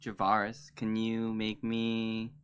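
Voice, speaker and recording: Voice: medium pitch, completely flat delivery, slow, smooth. A tabletop game player chatting playfully and laughing often. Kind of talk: casual chat.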